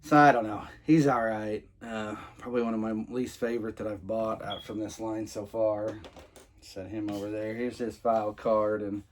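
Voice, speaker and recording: A man's voice: lowish voice, flat delivery, moderate pace, a little hiss or hum. A man casually reviewing toys he is unboxing, rambling with many fillers and restarts. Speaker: toy reviewer.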